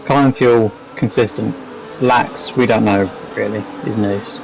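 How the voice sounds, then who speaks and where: A man giving measured, analytical co-commentary on a live sim race, sizing up drivers and calling out penalties. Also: lowish voice, steady tone, creaky, slight background noise, low-quality recording.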